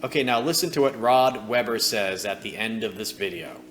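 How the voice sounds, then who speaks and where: A man's voice: fairly low pitch, normal speed, loud music behind the voice. A man hosting a commentary video, talking in a sarcastic, scornful way.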